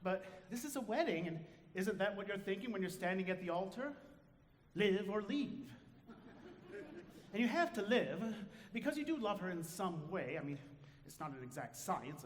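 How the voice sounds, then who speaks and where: A man's voice: sits high, slight background noise. A man playing a wry, rambling stage narrator. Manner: confiding, rambling, wry asides. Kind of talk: live stage musical. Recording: echoey theater hall from afar.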